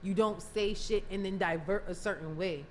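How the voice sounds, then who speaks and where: A woman's voice: medium pitch, moderate pace, darkish tone. Woman cohost, blunt, swears a lot, jokey, faint noise. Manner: blunt, profane, joking. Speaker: co-host. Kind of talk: casual chat.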